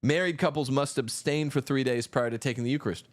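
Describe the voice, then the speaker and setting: A man's voice: medium pitch, fast. A man hosting a livestream, arguing in a combative, mocking way. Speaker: host. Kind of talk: livestream commentary.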